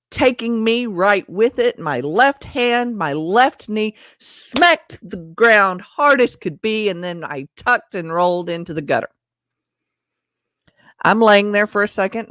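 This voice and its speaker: A woman's voice: mid-range voice, a bit bright, dry recording, clean studio sound. A woman vlogger telling a personal story in a chatty, self-deprecating way, speaking straight to her viewers. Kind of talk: casual storytelling to camera.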